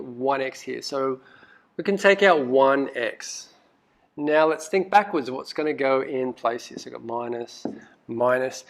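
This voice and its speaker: A male math teacher walking through a recorded lesson, asking lots of questions, coaxing students and muttering asides as he thinks aloud. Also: fairly high pitch. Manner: lively, asks questions and coaxes students.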